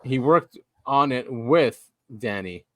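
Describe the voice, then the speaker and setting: An animated male podcast co-host who laughs easily and trips over his restarts. His voice sits at an ordinary mid pitch. The sound is dry and close, with no room around it. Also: takes it slowly, no room sound. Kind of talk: casual podcast chat.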